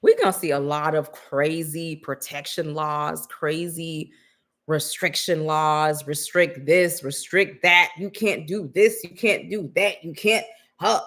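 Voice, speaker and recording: A woman's voice: low-pitched, steady tone, takes it slowly, fairly bright tone. A woman co-hosting a podcast, talking in a blunt, sassy, slangy way with casual swearing. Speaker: podcast co-host. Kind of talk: casual commentary chat.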